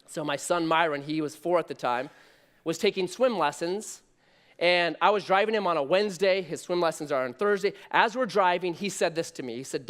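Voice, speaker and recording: A man in his thirties preaching a sermon, telling a story in an animated, conversational way. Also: fairly high pitch, a little fast. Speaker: pastor.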